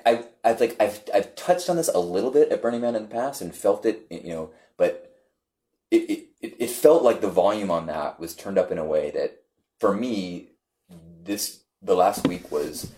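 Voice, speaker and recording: Chatting casually among friends, a man with a low voice and moderate pace tells a rambling, animated story, restarting often and acting out what other people said.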